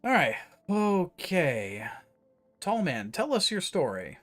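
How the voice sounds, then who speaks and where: A man's voice: sits high, very animated, takes it slowly, fairly bright tone, soft background music. A man streaming a horror game, chatting casually and joking about his own voices. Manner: chatty, self-mocking, reads on-screen text aloud. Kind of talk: casual gameplay commentary.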